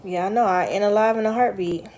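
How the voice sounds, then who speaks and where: A woman's voice: medium pitch, fast talker, a little mellow, lo-fi sound. A woman chatting casually with her viewers, rambling from story to story and answering their comments. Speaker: vlogger. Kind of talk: casual live chat with viewers.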